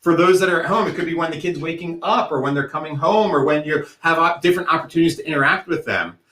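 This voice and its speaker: A man's voice: a little high, quick pace, bright, forceful tone. Man giving an echoey workshop talk. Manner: explanatory, uses vivid analogies. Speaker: workshop presenter. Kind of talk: educational talk. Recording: echoey room.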